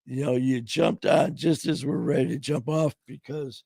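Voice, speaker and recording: A middle-aged man hosting a casual live-stream chat, his voice going hoarse, talking in a loose, heartfelt way full of "man" and "you know". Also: medium pitch, steady tone, normal speed, warm tone, dry recording. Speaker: podcast host.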